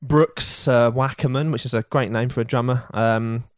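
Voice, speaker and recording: A man in casual, comedic podcast chat who rambles and wanders, filling his sentences with "uh" and "you know" and throwing in jokey asides. His voice sits at an ordinary middle pitch. It is recorded close and dry, with no room sound. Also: fairly even intonation, moderate pace, no room sound. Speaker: podcast co-host.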